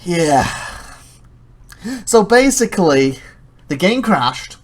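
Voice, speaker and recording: A let's play host giving casual gameplay commentary, rambling and self-correcting, retelling a mishap with excitement and laughs. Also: mid-range voice, slow. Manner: chatty, excitable storytelling with laughs.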